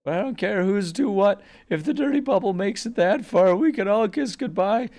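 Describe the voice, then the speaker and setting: Mermaid Man, a shrill panicked old hero. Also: expressive, normal speed, a little mellow. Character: panicky old male cartoon superhero.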